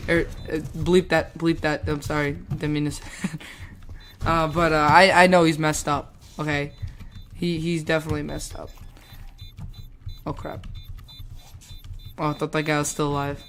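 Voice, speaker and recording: A woman with a somewhat low voice tells a rambling story while she plays a game, swearing and laughing along the way. She jumps into the voices of the people she describes. A faint hiss and the click of a mouse sit behind her. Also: flat delivery, moderate pace, long pauses. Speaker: gamer telling a school story.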